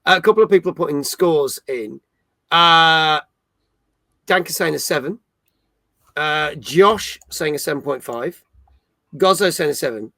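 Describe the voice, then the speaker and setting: A man's voice: a little high, a little slow, creaky, long pauses, bright, forceful tone, no room sound. A man hosting a casual gaming livestream, chatting upbeat and reading out viewers' comments. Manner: chatty, upbeat, reads viewer chat aloud. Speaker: stream host.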